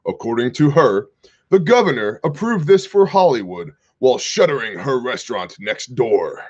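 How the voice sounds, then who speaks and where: Casual male livestream host from Kansas, middle-pitched, sarcastic asides, slightly muffled audio. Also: sing-song, normal speed, darkish tone. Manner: wry, sarcastic asides, reads chat comments aloud. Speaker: commentary show host.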